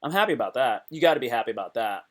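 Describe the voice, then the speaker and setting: A man hosting a casual live stream, excitable and rambling, often breaking off mid-thought. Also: mid-range voice, racing.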